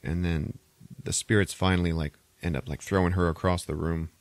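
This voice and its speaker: A man's voice: sits low, little pitch movement, a little fast, no room sound. A man hosting a podcast, retelling a film plot in a rambling, profane, casual way full of filler words. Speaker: podcast host. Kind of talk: casual movie recap.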